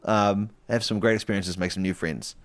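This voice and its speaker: A man's voice: low voice, steady tone, moderate pace. A man co-hosting a comedy podcast, retelling a film plot in a rambling way and laughing into his own sentences. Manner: rambling, laughs mid-sentence, frequent restarts. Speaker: podcast co-host.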